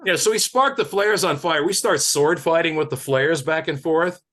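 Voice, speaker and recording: A man from Detroit doing a rambling stand-up set, animated and laughing at his own jokes. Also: fairly high pitch, moderate pace. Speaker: stand-up comedian.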